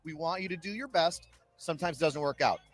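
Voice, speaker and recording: A man in his thirties, an army drill sergeant, telling lively stories in an interview with an upbeat recruiting pitch. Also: quick pace, soft background music. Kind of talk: interview storytelling.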